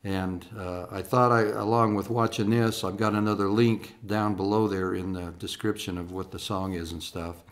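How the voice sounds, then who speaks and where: Older man rambling in a low voice. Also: fairly even intonation, normal speed, few pauses. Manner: folksy and rambling, full of "uh" and restarts. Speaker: singer-songwriter. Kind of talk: casual talk to online viewers.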